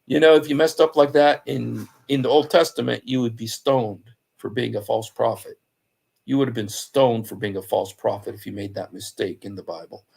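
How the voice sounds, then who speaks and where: Creaky-voiced man telling a story. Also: medium pitch, moderate pace, darkish tone. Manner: conversational storytelling, acts out quoted speech. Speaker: Christian apologist speaker. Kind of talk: informal talk on scripture.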